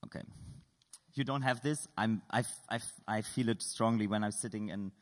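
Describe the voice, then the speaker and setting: A man's voice: on the low side, normal speed, big-room sound. A man giving a lecture at an art school, playfully polling the audience with show-of-hands questions and dry humor.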